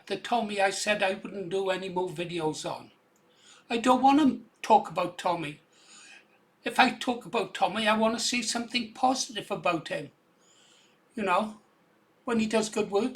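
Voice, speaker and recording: A man's voice: sits high, a bit bright. Casual English man commenting on clips. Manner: conversational, tag questions like "yeah?".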